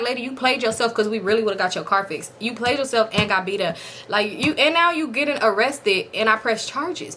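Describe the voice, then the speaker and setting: A woman vlogger telling a casual storytime, animated and slangy, with a slightly high, bright and crisp voice. She keeps slipping into quoted voices of the people in her story. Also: slight background noise.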